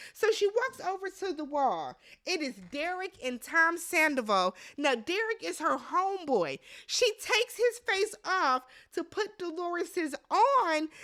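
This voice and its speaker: A woman hosting a casual reality TV recap vlog, talking bluntly and with exasperation, swearing freely and shouting mock reactions. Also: very high-pitched.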